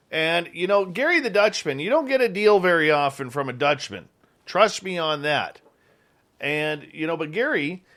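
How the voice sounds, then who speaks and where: A man hosting a radio show, chatting casually and reading a live ad in a joking, rambling way. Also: fairly high pitch. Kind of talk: casual chat and live ad read.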